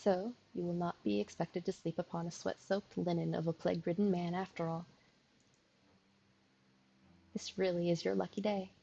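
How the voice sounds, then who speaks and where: A sleepy woman streamer reading a visual novel aloud, with a gravelly, husky voice. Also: lowish voice, little pitch movement, moderate pace, long pauses, warm tone, highs cut off. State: sleepy, yawning.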